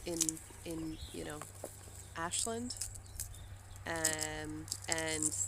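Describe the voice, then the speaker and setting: A woman who hosts a diamond painting vlog chats casually with her husband in a garden, laid-back and telling her own stories with dry remarks. Her voice is on the low side. The background is noisy, with faint outdoor ambience.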